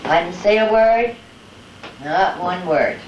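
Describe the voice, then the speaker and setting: An older woman being interviewed at home, telling lively family anecdotes and acting out the voices of her family. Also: fairly low pitch, slow. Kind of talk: casual storytelling at home. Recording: echoey room, distant mic, dull home-video sound with faint hiss.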